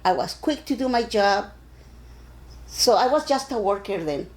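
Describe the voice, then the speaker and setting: An older woman from Arizona being interviewed, telling stories in a casual, animated way and acting out the voices of the people in them. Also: medium pitch, normal speed, poor audio. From Arizona, USA. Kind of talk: casual storytelling.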